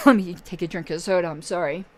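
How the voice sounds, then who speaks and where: A woman hosting her own channel in casual livestream talk, losing her voice and pausing often with fillers. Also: on the low side, steady tone. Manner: halting, many filler pauses. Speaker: political channel host.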